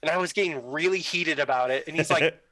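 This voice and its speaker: A young man telling a story in casual chat, animated, acting out the dialogue with lots of "like" fillers. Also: a little high, quick pace, no echo, rough recording. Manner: animated, acts out quoted dialogue, many "like" fillers. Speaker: podcast guest telling a story.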